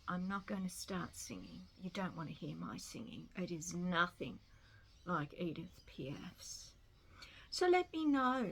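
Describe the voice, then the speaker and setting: An Australian woman chats to camera from home, unhurried and meandering, drifting between thoughts. She pokes fun at herself as she goes, her voice sitting at an ordinary middle pitch. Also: fairly bright tone, breathy edge. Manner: chatty, rambling, self-deprecating. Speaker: vlogger. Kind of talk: casual chat to camera. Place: home in Melbourne.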